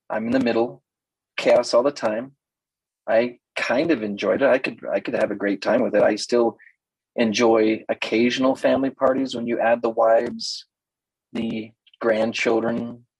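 A man's voice: medium pitch, darkish tone, breathy edge, no room sound, poor audio. An older man coaching women in a playful talk, often mimicking other people's voices. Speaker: relationship coach.

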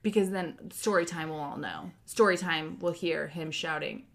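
A woman in her thirties telling a funny story in casual chat, acting out the quotes with an animated delivery. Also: low voice, moderate pace. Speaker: podcast co-host.

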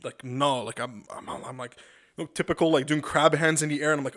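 A man casually telling a work story, profane and animated, acting out what people said. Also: medium pitch, fast talker. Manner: profane, animated, acts out quotes.

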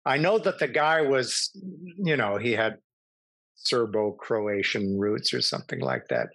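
Middle-aged male guest, animated anecdotal storyteller, dry recording. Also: lowish voice, a little slow, creaky, dry recording. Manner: animated, self-amused anecdotes. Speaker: actor, podcast guest. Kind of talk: casual interview storytelling.

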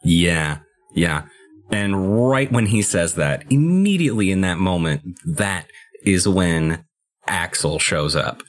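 A young podcast co-host with a very low voice chats in a relaxed way about a game, taking things slowly. He talks through strategy in long, rambling sentences, with an easygoing, conversational delivery.

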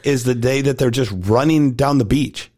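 A man co-hosting a sports podcast, telling stories in casual chat and quoting others with lively emphasis. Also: mid-range voice, moderate pace. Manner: storytelling, quotes others in animated voice. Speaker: podcast co-host, coach.

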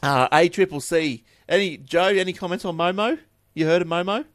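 A man's voice: high voice, a little fast, fairly bright tone, dry recording, clean studio sound. An Australian man hosting a tech podcast, reading news stories with chatty, offhand asides and repeated words. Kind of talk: casual chat and news reading.

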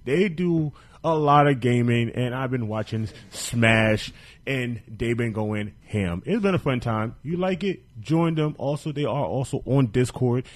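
A man running a podcast, plugging upcoming shows in a loose, joking way full of swearing. His voice sits at a middle pitch, and his delivery stays easygoing and chatty. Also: expressive, unhurried. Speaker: podcast host. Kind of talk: casual podcast chat with show plugs.

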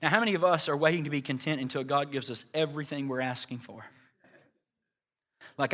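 A male pastor preaching a sermon, animated, acting out voices and building to loud, high passages. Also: a little fast, long pauses. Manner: animated, acts out God and churchgoers.

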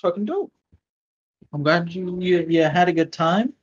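A man hosting a casual podcast, talking loosely with plenty of swearing. His pitch swings widely and stays animated. The recording has a dull, lo-fi sound. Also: unhurried. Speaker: podcast host.

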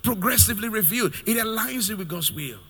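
Male preacher, high bright tone, sermon delivery in a reverberant church hall. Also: lively intonation, quick pace, husky. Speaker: pastor.

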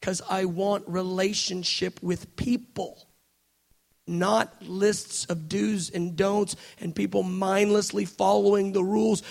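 Very high-voiced passionate male preacher. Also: level tone, takes it slowly, creaky. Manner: passionate, swings between hushed and shouting. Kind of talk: sermon.

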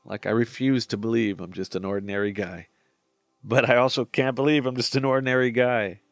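A man's voice: mid-range voice, steady tone, brisk, no echo, soft background music. A man in his forties talking through his own songs in a reflective podcast monologue, candid and self-deprecating, with casual swearing. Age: 40s.

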